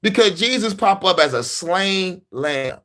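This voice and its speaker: A man's voice: high-pitched, unhurried. Profane, laughing man on a monologue. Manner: profane, laughing, animated storytelling. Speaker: host. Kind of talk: casual monologue.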